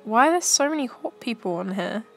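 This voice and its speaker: A woman's voice: a little high, lively intonation, brisk, faint music behind. A young woman chatting casually to her stream while browsing pictures, giggly and talking to herself.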